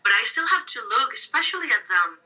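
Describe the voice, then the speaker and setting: Bright-voiced woman. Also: high-pitched, very animated, quick pace, slightly rough. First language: Spanish. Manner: candid, reflective, quotes herself aloud. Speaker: interpreter. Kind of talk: interview answers. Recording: distant, dull lo-fi recording.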